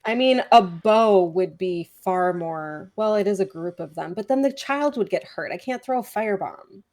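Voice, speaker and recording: A woman's voice: medium pitch, lively intonation, normal speed, darkish tone. Chatty hesitant female tabletop player. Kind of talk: casual tabletop play.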